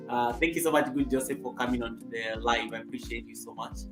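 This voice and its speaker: A man's voice: medium pitch, steady tone, fast talker, music in the background. Man hosting a livestream, echoey room. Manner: reads out and greets viewers from the chat. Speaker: livestream host. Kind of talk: casual livestream chat.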